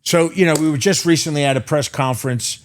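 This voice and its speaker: A man's voice: fairly high pitch, fast, slight background noise. A man hosting a podcast interview, asking long, rambling questions in a chatty way. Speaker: podcast host. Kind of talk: casual interview talk.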